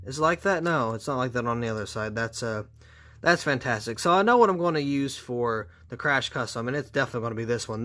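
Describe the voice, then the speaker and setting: A man's voice: mid-range voice, bright, forceful tone. A man reviewing model cars in a casual, rambling way, tired with his voice going out, dropping sarcastic asides. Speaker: diecast reviewer.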